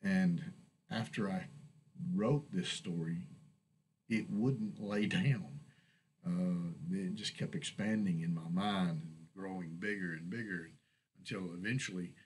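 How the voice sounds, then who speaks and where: A man reading his own fantasy short story aloud in a steady, measured storybook narration. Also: low-pitched, breathy edge, low-quality recording.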